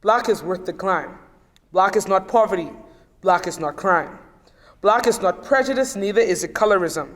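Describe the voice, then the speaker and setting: High-voiced young man declaiming poetry. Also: normal speed, fairly bright tone. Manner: proud, declamatory delivery. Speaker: student poet. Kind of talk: spoken-word poetry reading. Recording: long reverb in a large room.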